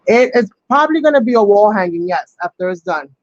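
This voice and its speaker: A man hosting a casual crafting tutorial, talking his steps through out loud with plenty of ums. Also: high-pitched, expressive, fast, no room sound, muffled recording. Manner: chatty, thinks aloud with many ums. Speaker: crafting channel host.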